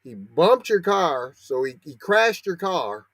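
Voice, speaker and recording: Male podcast host, slangy sarcastic commentary, slow delivery, dead-dry mic. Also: on the high side, big pitch swings, a bit bright, no echo. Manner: sarcastic, rising to heated outrage; slangy, talks back to the article he reads. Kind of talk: commentary on a news story.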